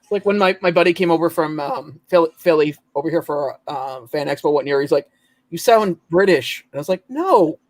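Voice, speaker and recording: Chatty high-voiced man from Ontario. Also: steady tone, fast talker, no room sound, rough recording. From Ontario, Canada. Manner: chatty, laughs often, trails off and restarts. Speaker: host of a late-night collectors' stream. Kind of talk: casual chat.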